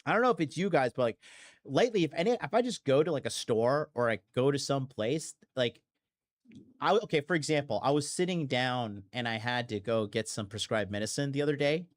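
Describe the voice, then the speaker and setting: A man's voice: mid-range voice, animated, brisk. A man hosting a podcast in a blunt, profane, rambling monologue full of fillers and restarts. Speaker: podcast host. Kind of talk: casual monologue.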